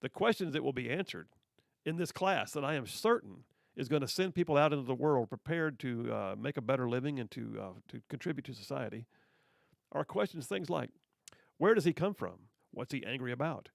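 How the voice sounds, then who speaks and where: Sarcastic gravelly radio host man. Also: mid-range voice, lively intonation, a little fast, no echo, clean studio sound. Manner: sarcastic, teasing asides to the listener. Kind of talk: conservative talk radio commentary. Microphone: studio microphone.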